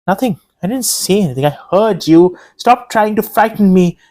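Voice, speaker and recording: A man's voice: high voice, lively intonation, normal speed, darkish tone, no echo, pitched above the performer's own voice. A man reading a ghost story, voicing a young woman about to be married, pleading and then teasing. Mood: frightened. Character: young anxious bride-to-be woman.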